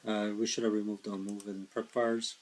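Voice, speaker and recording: A tired man thinking aloud in a slow mutter as he plays a board wargame solo, counting hexes and working out dice rolls. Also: fairly low pitch, little pitch movement, a little hiss or hum, low-quality recording. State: tired, yawning.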